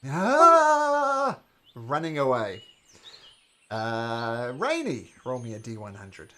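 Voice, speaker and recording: A man's voice: mid-range voice, very animated, slow. A man narrating a tabletop game as game master, with lots of fillers and hesitations.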